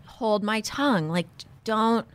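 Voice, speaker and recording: A woman's voice: mid-range voice, lively intonation, slow, a little hiss or hum. A young woman hosting a podcast, chatting casually with many fillers and laughs. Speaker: podcast host, mother of a toddler. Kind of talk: casual chat.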